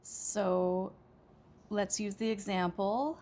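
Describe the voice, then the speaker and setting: Slow, patient American woman teaching English. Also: medium pitch, gravelly. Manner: patient, explanatory, frequent "okay" and "uh". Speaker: ESL teacher. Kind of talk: slow, deliberate English pronunciation lesson.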